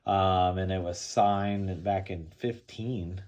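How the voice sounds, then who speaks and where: A man casually showing off and talking through comic books he bought, in a relaxed, rambling way with frequent fillers. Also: deep voice, slow. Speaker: comic book collector showing his haul. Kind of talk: casual show-and-tell vlog.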